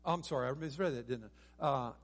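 A man's voice: medium pitch, normal speed. A man preaching a sermon as pastor, earnest and rising to emphatic peaks, with frequent restarts. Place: church sanctuary.

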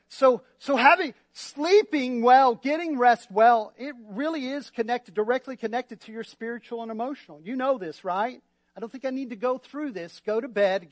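A male pastor preaching a sermon in a lively, joking way, often asking the congregation for responses. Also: very high-pitched, no room sound. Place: church.

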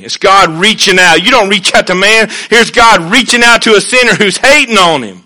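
A man preaching a sermon in a folksy way, dropping to hushed asides and rising to loud, emphatic points. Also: sits high, a little fast, hardly any pauses.

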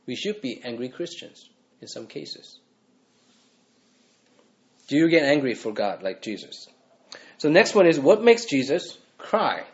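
A man's voice: medium pitch, sing-song, a little slow, pauses often, dull audio. A male pastor preaching a sermon, earnest, pressing his listeners with repeated questions.

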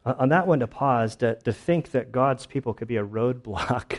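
A man's voice: medium pitch, moderate pace. A man preaching a sermon in a casual, conversational way, telling stories with lots of fillers and restarts. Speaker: pastor.

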